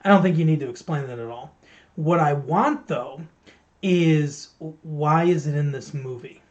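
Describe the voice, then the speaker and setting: A man's voice: on the high side, measured pace. A man co-hosting a podcast, reviewing a film in rambling, joking casual chat and teasing his co-host. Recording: muffled lo-fi stream audio.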